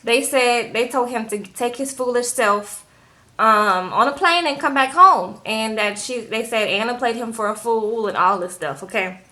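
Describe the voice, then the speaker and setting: A woman's voice: a little high, normal speed, sharp tone. A woman chatting casually as she recaps a reality show, tagging her sentences with a questioning "okay?".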